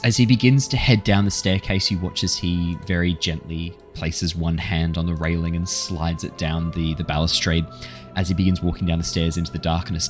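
A man narrating as dungeon master in a measured, descriptive way. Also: sits low. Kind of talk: narrating a tabletop game.

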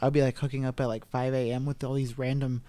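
A man's voice: medium pitch, level tone, fast, warm tone. A man hosting a podcast, chatting in a brash, sassy, profane way. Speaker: podcast host. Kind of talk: casual chat.

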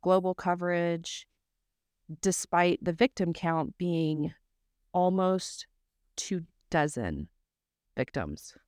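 A woman's voice: lowish voice, expressive, slow pace, long pauses, darkish tone, dry recording, studio quality. A young woman from South Mississippi co-hosting a true crime podcast, blunt and joking with frequent swearing. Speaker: podcast co-host. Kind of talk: casual true crime chat.

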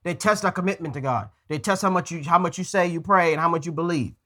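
Male pastor, higher voice, earnest conversational sermon with restarts. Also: fast talker, pushed and bright. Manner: earnest, stumbles and repeats words while preaching.

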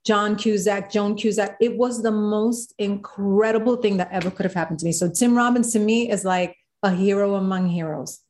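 A woman, a guest in an interview, telling a story with animated quoted voices. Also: medium pitch, moderate pace, hardly any pauses, slight background noise. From South Bronx, New York. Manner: animated, acts out quotes of others.

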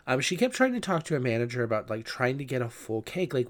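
A man's voice: mid-range voice, sing-song, fast, few pauses. A man hosting his own podcast, telling a story in a chatty, gossipy way and swearing freely between many fillers. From Southern California. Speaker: podcast host. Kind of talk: casual storytelling monologue.

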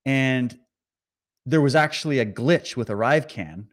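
A man's voice: medium pitch, a little slow. A man giving a heated, sarcastic and profane commentary while reacting to clips. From Canada. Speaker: online commentator. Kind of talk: ranting commentary over clips.

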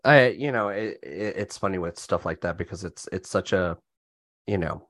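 A man's voice: sits low, normal speed, a bit bright, dry recording, clean studio sound. A man co-hosting a podcast in casual chat, bantering with crude, profane jokes. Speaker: podcast co-host.

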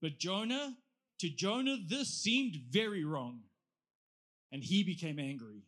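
Bright-voiced, lively male preacher. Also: high voice, measured pace. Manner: lively, conversational, asks the audience questions. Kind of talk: sermon.

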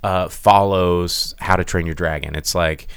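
Casual male podcast co-host, low smooth voice, rambling delivery, dry sound. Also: fairly even intonation, a little slow, fairly bright tone, dry recording. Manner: rambling, many fillers and restarts. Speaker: podcast co-host reviewing movies. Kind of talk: casual chat.

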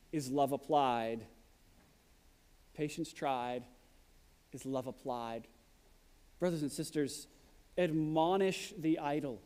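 A pastor delivers his sermon in a high, bright-pitched voice, earnest and direct, easing into humorous asides now and then. His words ring out into a large hall that carries a long reverberation behind him.

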